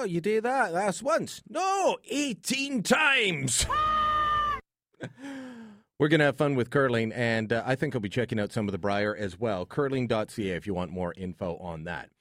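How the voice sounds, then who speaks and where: Guy hosting talk radio, sarcastic, lively up and down voice, dry studio. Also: on the low side, no room sound. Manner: sarcastic, joking.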